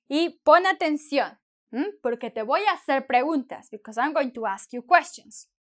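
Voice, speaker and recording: A woman teaching a bilingual lesson, deliberately, switching between English and with playful asides. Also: high voice, a bit bright. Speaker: Spanish teacher.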